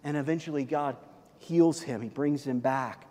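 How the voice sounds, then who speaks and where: A man's voice: medium pitch, normal speed, dark tone, long reverb tail. A man preaching a sermon as pastor, telling the story in a loose, conversational way with many fillers and restarts.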